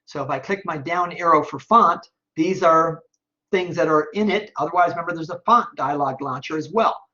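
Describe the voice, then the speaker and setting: A man teaching an online class, talking step by step through a screen-recorded software tutorial and checking in often with "okay?". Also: a little high, moderate pace, lo-fi sound. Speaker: online instructor.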